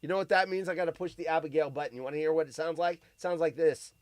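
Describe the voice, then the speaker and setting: A man's voice: on the high side, fairly even intonation, quick pace, no echo, studio quality. A man hosting a live show, chatting casually and reading odd news stories aloud with crude, rambling asides.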